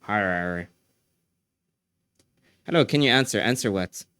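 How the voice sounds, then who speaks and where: A man with a fairly low voice chats casually on a live stream, joking and breaking into laughter often. His talk is loose and full of fillers. The sound is dry and close, with no room around it. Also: lively intonation, unhurried, fairly bright tone, smooth, no echo.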